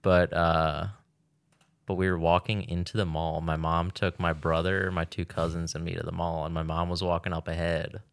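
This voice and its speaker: A man co-hosting a casual chat, laid-back and quick to laugh and chime in. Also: deep voice, level tone, vocal fry, smooth, dry recording.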